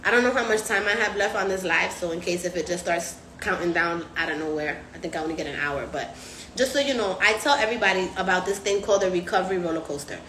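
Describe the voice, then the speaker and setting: A woman's voice: on the low side, quick pace, reverberant, a little hiss or hum. A woman hosting a casual live stream, slangy and profane, acting out other people's voices as she talks. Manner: animated, acts out patients' voices. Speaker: recovery house host.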